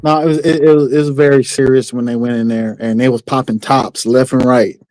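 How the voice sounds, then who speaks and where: A man's voice: medium pitch, steady tone, fairly quick, darkish tone, dry recording, low-quality recording. A man guest on a livestream, talking casually in slangy, easygoing speech.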